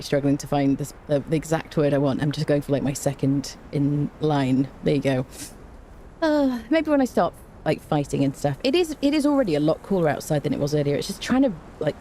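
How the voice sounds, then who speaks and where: A woman's voice: low voice, mellow, a little hiss or hum. A woman chatting casually on a gaming live stream, greeting viewers by name and making dry, self-mocking jokes. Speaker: game streamer.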